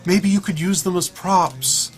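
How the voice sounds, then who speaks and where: A man's voice: sits high, fairly even intonation, a little slow, music in the background, pitched above the performer's own voice. A man voicing his elderly mother, a fussy pack rat who insists on keeping things she paid for. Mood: insistent. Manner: insistent, reluctant to let things go.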